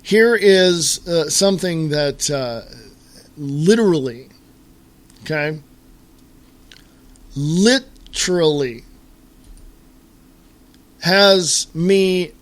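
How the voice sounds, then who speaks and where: A man hosting a solo talk radio show, ranting in an exasperated way to his listeners with lots of fillers and restarts. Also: fairly high pitch. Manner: halting with fillers and repeated starts.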